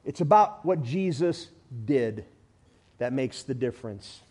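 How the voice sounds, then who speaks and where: A man preaching a sermon with emphatic delivery, swinging from loud declarations to hushed lines, with everyday illustrations and humor. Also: mid-range voice, animated, measured pace.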